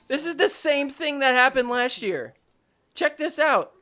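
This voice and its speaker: A young man hosting a podcast, recapping match footage in a joking, excitable way with mock outrage. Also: very high voice, unhurried, soft background music. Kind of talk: casual sports recap commentary.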